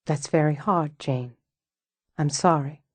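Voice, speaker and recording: A woman voicing a brisk, kind mature woman in an audiobook, firm and comforting. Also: sits low, darkish tone, breathy edge, no room sound, full character voice.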